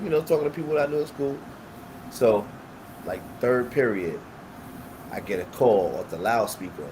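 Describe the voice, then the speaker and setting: A man's voice: mid-range voice, moderate pace, background noise. A man, telling stories in casual chat and acting out the people in them, with heavy street slang. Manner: animated storyteller acting out quoted voices, heavy street slang. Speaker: podcast co-host.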